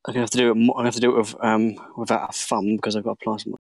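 A man's voice: lowish voice, level tone, vocal fry, slight background noise. A man co-hosting a podcast, chatting casually and chipping in between his co-host's stories. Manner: quick, chatty. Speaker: podcast co-host. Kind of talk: casual chat.

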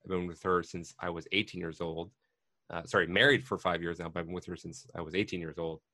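A man's voice: low voice, level tone, fast, fairly bright tone, no echo. A man in his thirties hosting a casual podcast, talking with lots of fillers and restarts, a little nervous. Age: 30s. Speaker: podcast host.

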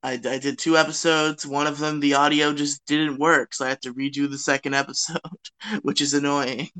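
A man hosting a podcast, chatting loosely and joking around with casual swearing. His voice sits a little high and sounds bright and forceful. It is smooth and very clear. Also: level tone, normal speed, poor audio. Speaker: podcast host.

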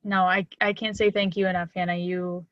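A woman's voice: on the low side, flat delivery, brisk, dry recording, dull audio. A woman who is a podcast guest, chatting casually and encouraging the host with enthusiasm.

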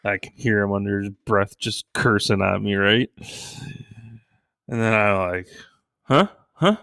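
A middle-aged man with a somewhat low voice tells crude, joking stories in a loose, casual way. He jumps into high, shouted voices for the people he quotes. The recording is very dry and close. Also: level tone, measured pace, vocal fry, smooth, dry recording. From Canada. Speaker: stand-up comedian. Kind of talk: casual comedic storytelling.

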